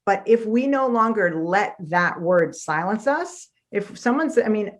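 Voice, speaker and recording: A woman's voice: medium pitch, animated, measured pace. A woman author, a guest in a conversational interview, telling stories with animation and acting out the voices she quotes.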